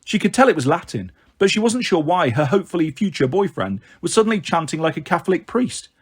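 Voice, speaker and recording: A man reading a fantasy novel aloud as narration, slowing down for the verse lines. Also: on the high side, animated, slightly rough. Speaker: audiobook reader. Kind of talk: storybook narration with light character voices.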